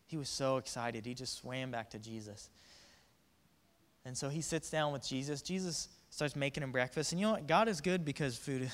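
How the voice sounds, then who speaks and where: A man's voice: medium pitch, fairly bright tone. A man preaching a casual, joking sermon, acting out the quotes in voices. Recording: reverberant hall.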